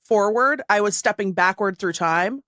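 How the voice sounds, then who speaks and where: A woman co-hosting a podcast, chatting casually and cracking dry, deadpan quips. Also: mid-range voice, normal speed, dry recording. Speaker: podcast co-host. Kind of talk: casual chat.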